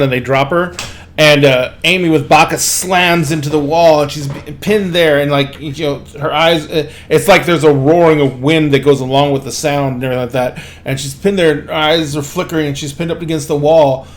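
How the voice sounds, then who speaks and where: Guy game-mastering a tabletop game, kinda high voice, rambly with lots of filler. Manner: rambling, loose narration full of fillers.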